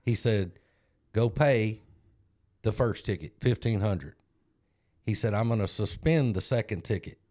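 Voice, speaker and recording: Low-voiced man telling a story. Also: mellow. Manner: self-deprecating, acts out other people's lines. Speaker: podcast co-host. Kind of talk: casual storytelling.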